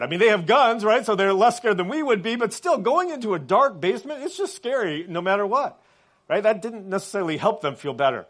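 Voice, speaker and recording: A man preaching a sermon in a conversational way, often checking in with his listeners and dropping soft and quiet on reflective points. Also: high voice, lively intonation, brisk. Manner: conversational, often adds "right?" as a tag. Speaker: pastor.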